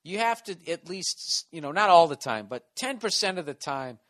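Male comic podcast host, East Coast American accent, profane and sarcastic, slightly high, bright tone. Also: lively intonation, moderate pace. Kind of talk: solo comedy podcast rant.

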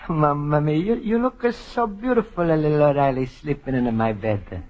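An actor playing a gentle, sweet-natured middle-aged Italian immigrant in a 1940s radio comedy, speaking broken English with an Italian accent and pleading fussily. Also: male voice, fairly high pitch, expressive, normal speed, lightly acted. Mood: fussing. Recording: lo-fi old radio broadcast with audience laughter and hiss.

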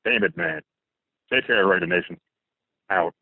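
A man's voice: lowish voice, huge pitch swings, moderate pace, gravelly, background noise. A man calling a sports radio show, frustrated and cursing. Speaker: caller. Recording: dry tinny phone line.

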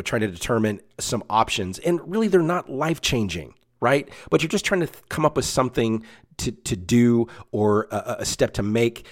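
A man giving casual workplace and life advice in a folksy, chatty way, with frequent self-corrections and asides. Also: on the low side.

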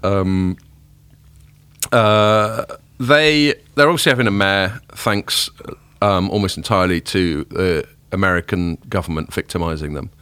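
A man's voice: low voice, unhurried, a bit bright, clear, resonant tone, no echo. A man hosting a tech podcast, chatting casually and giving firm opinions. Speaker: podcast host.

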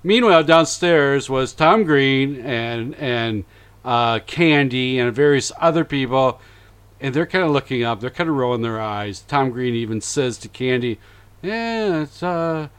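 A man's voice: medium pitch, unhurried, clean tone. A man hosting a casual podcast chat, recapping events animatedly and acting out quotes. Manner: animated, acts out quotes in voices. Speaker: podcast host.

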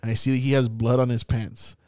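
A young man hosting a podcast, telling a story in a casual, profane, animated way and acting out the scenes. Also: medium pitch, fairly quick, clean tone, dry recording. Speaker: podcast host. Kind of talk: casual chat.

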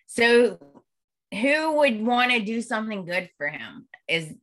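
Bright, slow-talking expressive woman. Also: a little high. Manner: expressive, emphatic questions. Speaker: co-host. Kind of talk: casual chat about a soap opera.

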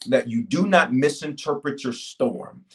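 A man pastor preaching a livestreamed sermon and prayer from a church stage, animated and call-and-response, swinging between loud exhortation and low, slow prayer. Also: slight background noise. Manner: animated, call-and-response, urging the audience to answer. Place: church stage filmed by several cameras.

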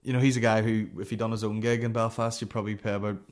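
A man's voice: lowish voice, little pitch movement, rapid-fire. A Northern Irish man hosting a comedy podcast, ranting casually in a profane, rambling way and swearing constantly.

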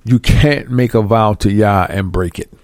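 A man with a lowish voice preaches a sermon, captured in a dry, close recording. He reads scripture verses slowly, then breaks them down in quick, emphatic street talk.

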